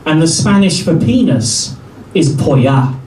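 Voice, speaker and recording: A man in his thirties doing a stand-up set, telling stories wryly with pauses before the punchlines. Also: a little high, sing-song, a little mellow, a little hiss or hum. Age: 30s. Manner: wry storytelling with punchline pauses. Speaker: stand-up comedian. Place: comedy club stage. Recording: roomy club sound from a distance.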